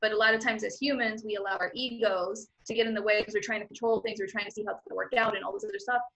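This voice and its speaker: A woman's voice: medium pitch, fairly even intonation, rapid-fire, fairly bright tone, dull audio. A woman telling a personal story as a guest in a casual, chatty way, full of "like" fillers, acting out her own thoughts along the way. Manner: chatty, filler-heavy with frequent "like".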